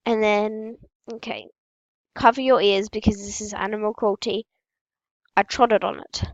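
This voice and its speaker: A female gaming host telling absurd, made-up stories in a casual, matter-of-fact, deadpan way while opening packs. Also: medium pitch, a little slow, no echo, dull audio.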